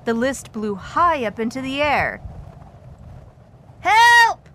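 A woman reading a children's story aloud in a gentle, measured way. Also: fairly high pitch, lively intonation, a little hiss or hum.

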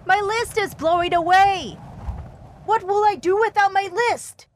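A woman voicing a fussy, anxious male toad in a children's storybook, pitching her voice up high. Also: very animated, normal speed, a bit bright, slight background noise. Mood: panicked. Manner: raised pitch, cries out in panic.

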